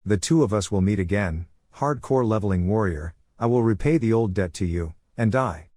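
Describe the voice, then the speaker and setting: A battle-hungry warlord general who taunts his foes in an even, low voice, as a male narrator reads him. The delivery stays calm and mocking. The recording is close and dry. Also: moderate pace, no room sound. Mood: taunting.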